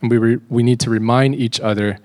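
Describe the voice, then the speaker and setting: A male pastor delivering a sermon in an earnest, unhurried way. He stumbles and repeats words now and then, and his voice lifts with emphasis on scripture readings. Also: medium pitch, steady tone, darkish tone.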